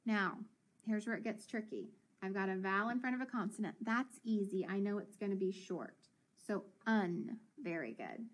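A woman teacher leading a children's phonics lesson, encouraging and sounding out words slowly. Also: mid-range voice, lively intonation.

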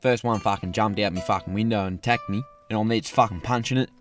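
An actor voicing a laid-back Australian mate in an adult cartoon, rambling through a sweary story. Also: male voice, fairly low pitch, fast talker, soft background music, natural voice.

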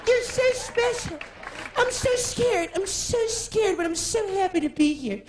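Brief: high, jittery showbiz diva played by a man, nervy and drawn-out, in an echoey live room. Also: lively intonation, background noise. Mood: nervous giddy. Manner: nervy, sing-song, stretched words. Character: jittery, overwhelmed female stage diva singing an anthem.

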